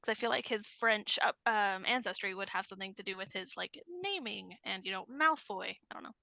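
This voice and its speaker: A woman's voice: medium pitch, brisk, creaky, bright, forceful tone, dry recording. A woman co-hosting a casual book-club podcast, quoting favorite lines playfully. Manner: quotes lines with playful voices. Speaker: podcast co-host.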